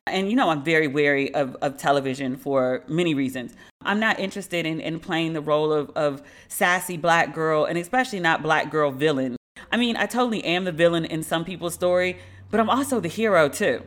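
A woman's voice: sits low, brisk. A woman hosting a podcast, telling a story in a candid, slangy and sardonic way. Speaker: podcast host. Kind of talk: casual storytelling monologue.

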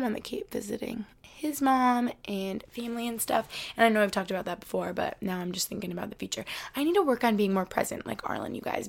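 A woman's voice: mid-range voice, creaky. A woman in her twenties from Albany, New York, hosting a casual solo podcast from her bedroom floor, chatty and rambling with lots of "like". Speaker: podcast host.

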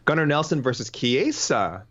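A man's voice: medium pitch, very animated, moderate pace, a bit bright, dull audio. A man co-hosting a podcast in casual chat, reading out listener comments and rambling between them.

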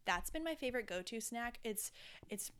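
A woman's voice: a little high, animated, normal speed, fairly bright tone, clear, resonant tone. A woman hosting her podcast in a chatty, rambling, candid way, with casual swearing. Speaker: podcast host. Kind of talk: casual solo podcast chat.

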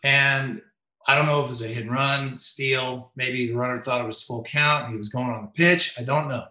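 Umpire guy telling stories, bright forceful voice, lots of room echo. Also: mid-range voice, moderate pace. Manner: animated, acts out quotes with raised voice. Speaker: MLB umpire guest. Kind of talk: storytelling in interview.

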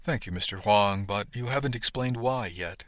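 A man reading the lines of a reserved senior male first mate in an audiobook, slow and probing. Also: fairly low pitch, no echo, clean studio sound, close to an everyday voice. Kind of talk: audiobook dialogue.

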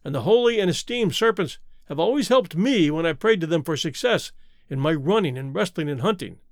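A man's voice: sits high, dry recording, studio quality. A man voicing a haughty, hot-tempered young pagan king in a storybook reading.

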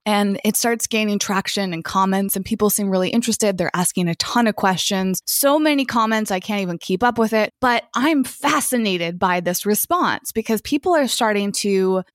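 A woman's voice: medium pitch, moderate pace, hardly any pauses, no echo, studio quality. A woman co-hosting a podcast, talking in a chatty, casual way and laughing now and then. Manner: chatty, laughs often, self-described organized type A. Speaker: podcast co-host.

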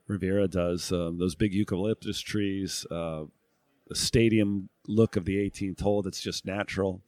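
A middle-aged man from New England speaks as an interview guest. His voice sits fairly low and he thinks aloud, restarting phrases and filling gaps with "uh" and "um". The sound is dry and close. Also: steady tone, normal speed, a little mellow, dry recording. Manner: reflective, thinks aloud with frequent fillers and restarts. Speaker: guest, former tour golfer and broadcast analyst. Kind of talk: casual interview talk.

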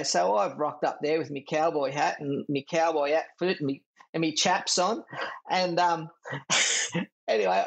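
Brief: middle-aged Australian bloke, a touch high-pitched, rambling and laughing as an interview guest. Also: male voice, gravelly. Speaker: guest, former jockey. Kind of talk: casual chat.

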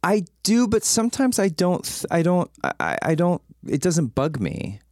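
A young man telling a story in casual chat, rambling and animated, his voice jumping up when excited. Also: high-pitched, normal speed, no room sound, studio quality.

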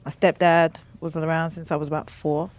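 A woman with a London accent and a lowish voice, talking as a musician guest in an easygoing interview. She is animated and laughs often, slipping into quick impressions of other people. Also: no echo. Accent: London English. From West London, England. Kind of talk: casual interview chat.

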